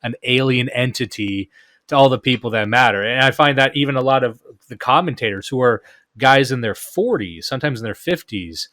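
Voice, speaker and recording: A man's voice: medium pitch, expressive, a little fast, a bit bright, no room sound, clean studio sound. A man in casual podcast chat who speaks in a blunt, offhand and opinionated way. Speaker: podcast guest or co-host.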